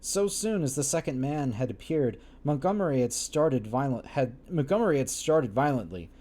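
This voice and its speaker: A man's voice: mid-range voice, animated, normal speed, warm tone. Man reading an old novel aloud, wry. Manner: stumbles over old wording, laughs and adds wry asides. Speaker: livestream book reader.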